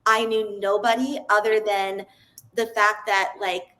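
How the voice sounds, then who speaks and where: A woman's voice: mid-range voice, little pitch movement, a little slow, bright, forceful tone, rough recording. A woman, a podcast guest, telling her personal story in an earnest, open way, often restarting her sentences.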